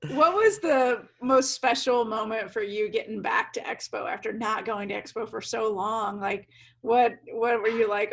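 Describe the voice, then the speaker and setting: A woman co-hosting a podcast, upbeat and casual, chiming in often with quick agreement. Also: a little high, fairly bright tone. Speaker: podcast co-host.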